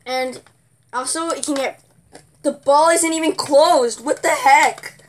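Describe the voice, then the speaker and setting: A woman's voice: high voice, takes it slowly, a little hiss or hum. A woman reviewing a product in casual chat, sarcastic and giggly, often exasperated.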